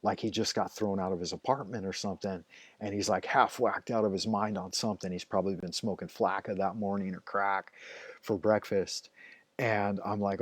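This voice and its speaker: A man's voice: fairly low pitch, fairly even intonation, brisk, dry recording. A middle-aged man hosting a live stream, telling stories in a casual, rambling way, swearing often and filling gaps with "like" and "you know". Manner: profane, loose, chatty, with frequent fillers.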